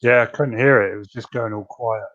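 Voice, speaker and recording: A man's voice: mid-range voice, steady tone, brisk, fairly bright tone. A man hosting a podcast, chatting casually and joking in a laid-back way. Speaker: podcast host. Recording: dull lo-fi audio.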